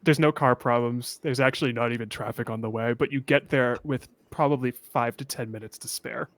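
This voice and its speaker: A man narrating as game master of a tabletop role-playing game, relaxed and laughing easily. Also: medium pitch, a little fast, no echo.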